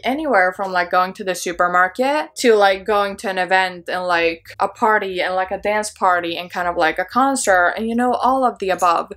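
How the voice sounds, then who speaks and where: A woman's voice: medium pitch, fairly bright tone. A woman in her twenties, a fashion vlogger, talking casually to camera in a rambling, chatty way with lots of fillers and self-mocking asides. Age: 20s.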